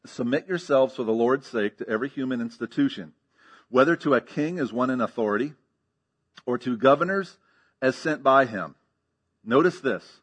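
A man's voice: medium pitch, expressive, moderate pace, husky. A man preaching a sermon as pastor, teaching emphatically with rhetorical questions and frequent checks of "okay?".

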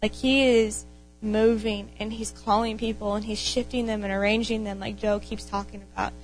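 A young woman gives an informal, earnest and passionate sermon to her church, repeating phrases for emphasis. Her medium-pitched voice has a flat delivery at a moderate pace, with soft background music and poor audio.

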